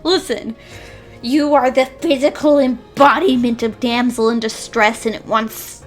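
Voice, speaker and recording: A woman's voice: on the high side, fairly even intonation, unhurried, faint music behind. A young woman commenting on a visual novel, sarcastic and exasperated, swearing freely. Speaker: gaming YouTuber.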